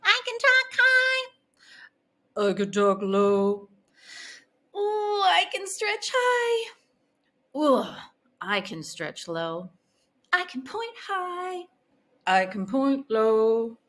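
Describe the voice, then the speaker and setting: A bright, sing-song young lightning bug boy, as a woman puts him on for a storybook. His voice jumps high and low with playful energy, slow and bouncy. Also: wildly swooping pitch, heavily acted. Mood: singing playfully.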